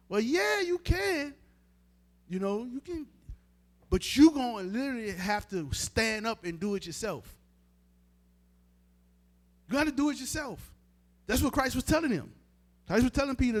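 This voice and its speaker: An extremely high-pitched, very animated man preaches a street-style sermon at a measured pace with long pauses. He's informal and emphatic, speaking right to the crowd.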